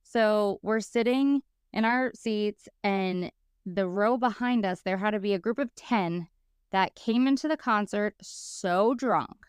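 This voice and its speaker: A woman in her thirties, co-hosting a podcast, telling stories in a lively, casual way and acting out the people she quotes. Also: medium pitch, slow pace, smooth, no room sound, clean studio sound. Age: 30s. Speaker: podcast co-host.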